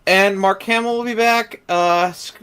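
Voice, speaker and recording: A high-pitched man chats as co-host of a casual podcast. He is excitable and opinionated, with salty language slipping in as he riffs on his views. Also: unhurried, smooth. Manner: excitable, opinionated, swears freely. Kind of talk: casual chat.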